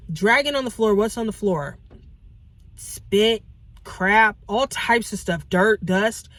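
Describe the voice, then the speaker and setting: Brief: young woman, casual preacher to women, lively and chatty, medium pitch, dry close sound. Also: dry recording. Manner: animated, acts out quoted voices, calls listeners baby and girls. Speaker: Christian teacher. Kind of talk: casual Bible teaching to women.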